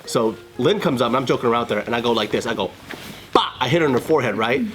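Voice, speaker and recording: Animated young man telling a story. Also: medium pitch, quick pace, music in the background. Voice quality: animated, profane, acts out both sides of quarrels. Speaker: panel guest. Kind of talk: casual storytelling.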